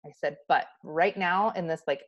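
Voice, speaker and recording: A woman's voice: fairly low pitch, moderate pace, highs cut off. A woman in her thirties hosting a livestream, talking candidly and casually to her viewers with many restarts. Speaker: host of a livestream talk. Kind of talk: casual talk to a live audience.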